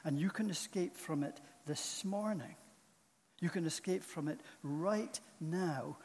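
Solemn preacher guy, kinda high voice, long church echo. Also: a little mellow. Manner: slow, solemn and earnest. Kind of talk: sermon. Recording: long reverb of a large hall.

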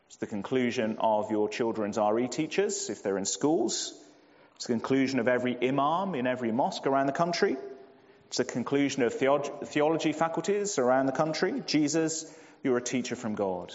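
Man, preacher, measured emphatic sermon, long hall reverb, muffled lo-fi sound. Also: lively intonation, darkish tone. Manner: measured, emphatic, slows down and drops low on key phrases.

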